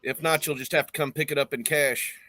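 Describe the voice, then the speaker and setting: A man's voice: fairly high pitch, steady tone, fairly quick, pushed and bright. A man with a Southern US accent, co-hosting a casual paranormal podcast chat and rambling along. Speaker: podcast co-host.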